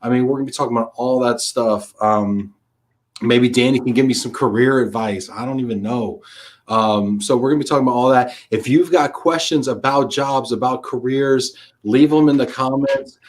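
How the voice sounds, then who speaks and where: Slangy, energetic live-stream host man. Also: mid-range voice, normal speed. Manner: energetic, slangy, calls people buddy and man. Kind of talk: casual live-stream chat.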